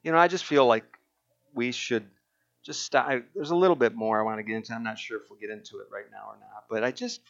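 In a dull lo-fi recording, a pastor preaches a sermon, reading aloud from a book in an earnest, emphatic way, with fillers and restarts. His voice is a man's, medium in pitch and gravelly with a fairly bright tone, and he talks fast with fairly even intonation.

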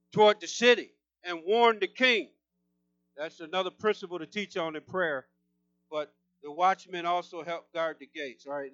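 A man preaching a sermon. His voice is high and bright, and he swings from fierce yelling to plain, calm talk. The sound is dry and a little muffled. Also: no room sound. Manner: intense, shouting preaching that drops to calm talk; confrontational.

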